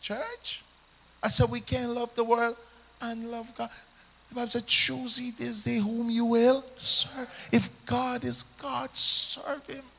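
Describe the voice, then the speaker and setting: High-voiced, forceful preacher. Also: male voice, level tone, slow pace, vocal fry. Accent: Jamaican. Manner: call-and-response preaching, rising and falling emphasis. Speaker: pastor. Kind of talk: sermon.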